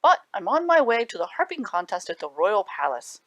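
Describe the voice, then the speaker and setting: A woman's voice: medium pitch, sing-song, fairly quick, fairly bright tone, dry recording. A woman voicing a kindly, humble old male harper who speaks earnestly. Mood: earnest, worried.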